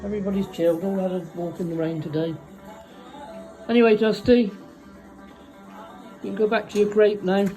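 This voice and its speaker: Woman, warm mellow voice, doting pet talk, at home. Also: mid-range voice, steady tone, moderate pace, pauses often, faint music behind, rough recording. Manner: doting, coaxing baby talk. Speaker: pet owner. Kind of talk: casual talk to a pet parrot. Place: at home, indoors.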